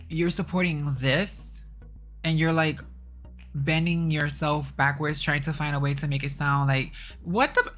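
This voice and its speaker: A young woman ranting to her vlog audience, exasperated and blunt, swearing and repeating herself. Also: low voice. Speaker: vlogger. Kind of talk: casual rant to camera.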